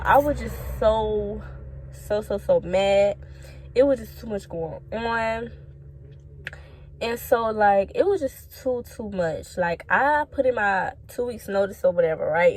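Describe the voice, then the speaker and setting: A woman's voice: medium pitch, a little slow, slight background noise. A young woman telling a casual, profane story about quitting a job, talking straight to her viewers. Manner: blunt, profane, animated, talks straight to viewers. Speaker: storytime vlogger.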